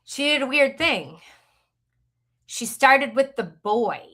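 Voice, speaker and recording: Woman, middle-aged, podcast co-host, chatty, candid, animated pitch, bright tone. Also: slow pace. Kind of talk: casual book chat.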